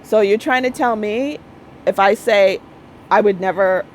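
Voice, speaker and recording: A woman's voice: medium pitch, measured pace, darkish tone, slight background noise, poor audio. A woman in her thirties talking bluntly and emphatically in a casual monologue, repeating her points and often tagging on "okay?". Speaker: spiritual vlogger.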